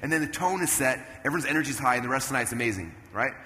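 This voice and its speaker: A man in his thirties giving an energetic stage talk at a business event, telling animated stories and jumping into loud character voices. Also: mid-range voice, racing. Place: event stage in a large hall. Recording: long hall reverb, faint room noise.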